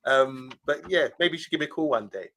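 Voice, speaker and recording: A man's voice: mid-range voice, expressive, quick pace, fairly bright tone. A man co-hosting a live-streamed fan show, chatting casually and reading out viewer comments. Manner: chatty, reads viewer comments aloud, laughs easily. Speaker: podcast co-host.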